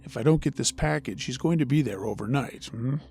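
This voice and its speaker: A man's voice: medium pitch, brisk, vocal fry, a little mellow, a little hiss or hum, close to an everyday voice. A man voicing an unsettling female passenger who talks in a sing-song, cutesy country drawl. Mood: creepy cutesy.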